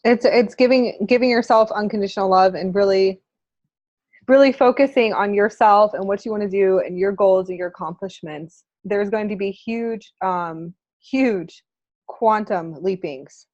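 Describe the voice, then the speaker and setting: A woman co-hosting a casual spiritual chat, animated, laughing often and acting out little quotes with whoops. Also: mid-range voice, normal speed, no room sound, lo-fi sound. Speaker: spiritual channel co-host.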